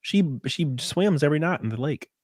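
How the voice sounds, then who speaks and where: A tipsy man co-hosting a podcast, chatting crudely and animatedly, often laughing and breaking into high mocking voices. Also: animated, moderate pace, a little mellow, dry recording, clean studio sound. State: a little drunk. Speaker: podcast co-host. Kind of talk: casual crude banter.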